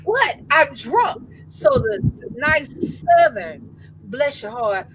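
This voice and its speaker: A woman in her fifties, co-hosting a casual chat and telling an animated comic story in slangy, laughing talk. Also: high-pitched, slow, vocal fry, noisy background. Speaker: co-host.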